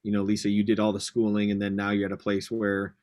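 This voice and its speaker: A man hosting a podcast, asking relaxed questions in casual chat with plenty of fillers. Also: lowish voice, fast, dry recording, studio quality. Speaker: podcast host.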